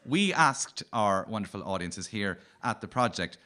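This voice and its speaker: Wry Cork-accented male comedian, low voice. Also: sing-song, normal speed, bright, forceful tone. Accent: Cork Irish. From Cork, Ireland. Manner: wry, playful storytelling. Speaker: comedian host. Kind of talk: stand-up comedy on radio.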